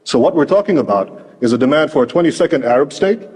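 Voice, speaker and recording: Measured man arguing in an archival debate. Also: mid-range voice, animated, darkish tone, breathy edge, big-room sound. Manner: measured, argumentative, quotes sources. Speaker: debate guest.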